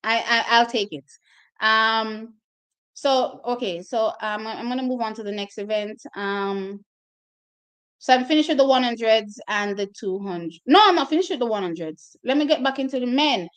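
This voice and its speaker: A woman's voice: a little high, moderate pace. A woman hosting her own track and field channel, talking casually and directly to her viewers about race results, openly emotional as she goes.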